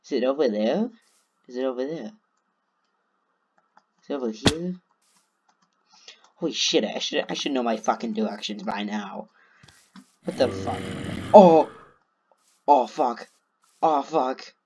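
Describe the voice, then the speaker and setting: A man's voice: medium pitch, normal speed, pauses often, slight background noise. A man narrating his own gameplay, talking to himself and swearing constantly. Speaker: gamer. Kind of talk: let's play commentary.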